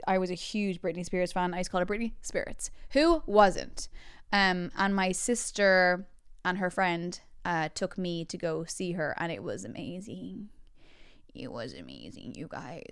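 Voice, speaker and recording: A woman around thirty, hosting a podcast with bubbly, giggly storytelling and quick tangents. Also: mid-range voice, clear, resonant tone, no echo, studio quality. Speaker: podcast host. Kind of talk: casual chat.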